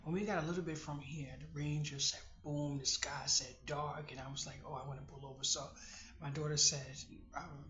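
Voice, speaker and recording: A woman vlogger tells a personal story in a casual, animated way, exclaiming and laughing as she goes. Her voice is bright and forceful. The recording sounds roomy and a little dull. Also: deep voice, fairly quick.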